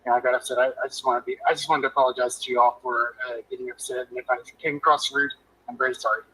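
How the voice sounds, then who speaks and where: A man's voice: mid-range voice, level tone, rapid-fire, sharp tone, a little hiss or hum, rough recording. A man calling in to a live chat, hesitant and apologetic, with many fillers. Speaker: caller. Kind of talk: phone-in apology.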